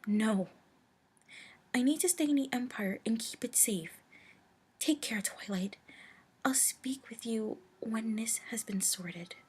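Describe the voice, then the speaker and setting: A woman with a cold voicing an urgent, protective female alicorn pony princess in a storybook reading, her voice raspy. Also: a little high, slow pace, long pauses, a little mellow. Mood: firm. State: sick with a cold.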